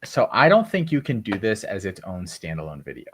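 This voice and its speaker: Deep-voiced man giving chatty advice. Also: huge pitch swings, brisk, a bit bright, a little hiss or hum. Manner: talkative, giving advice, lots of fillers. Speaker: podcast co-host. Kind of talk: casual chat.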